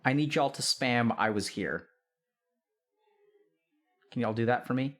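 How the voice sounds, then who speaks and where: Man, livestream host, casual chat, playful, upbeat, middle pitch. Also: lively intonation, unhurried, a bit bright. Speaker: streamer and psychiatrist host.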